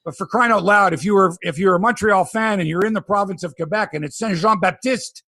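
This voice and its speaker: A man hosting a sports podcast, ranting in animated, profane casual talk. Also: high voice, fairly quick, gravelly, hardly any pauses, no room sound.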